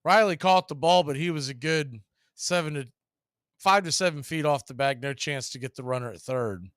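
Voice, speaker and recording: Smooth, dry-voiced baseball play-by-play man. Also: fairly bright tone, no room sound. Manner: partisan home-team calls, brisk pitch-by-pitch delivery. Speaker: radio play-by-play announcer.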